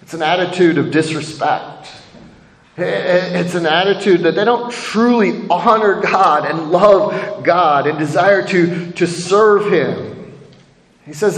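A man's voice: high voice, takes it slowly. A man preaching a sermon in a conversational way, often checking in with "right?" and acting out voices from the text. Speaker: pastor. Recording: echoey hall with long reverb.

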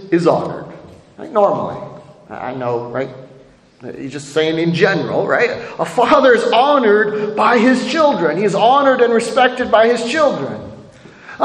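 A man preaching a sermon with a lively, high voice that swoops up and down. He speaks conversationally, often tossing in "right?" to his listeners. The sound is roomy, with a long hall reverb. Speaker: pastor.

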